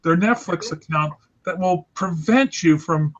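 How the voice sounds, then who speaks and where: A man's voice: fairly high pitch, a little slow. Chatty man on a lo-fi call. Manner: chatty, rambling, self-deprecating. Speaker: host of an online drawing group. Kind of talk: casual chat while drawing. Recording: lo-fi voice call audio.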